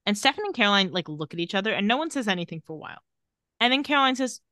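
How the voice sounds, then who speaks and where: A woman's voice: mid-range voice, racing, no echo, clean studio sound. A woman co-hosting a podcast, casually recapping a TV episode and acting out the characters' lines. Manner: animated retelling, acting out quoted lines. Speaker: podcast co-host.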